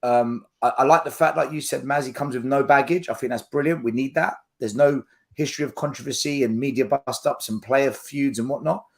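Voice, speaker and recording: A man's voice: medium pitch, a little fast, gravelly. A man hosting a casual podcast chat, blunt and emphatic as he gives his opinions. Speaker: podcast host.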